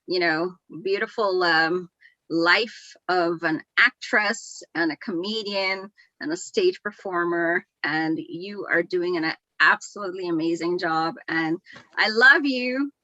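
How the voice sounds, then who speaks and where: A woman's voice: lowish voice, takes it slowly, bright, forceful tone, dry recording, highs cut off. A woman hosting a live talk show, effusive and full of praise, giggling often. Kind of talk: casual live-stream interview.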